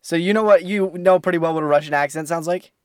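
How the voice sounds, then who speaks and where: A man's voice: fairly high pitch, quick pace, darkish tone, clear, resonant tone, no echo, studio quality. A man co-hosting a casual podcast, goofy and rambling as he sets up a game. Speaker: podcast co-host. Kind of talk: casual chat.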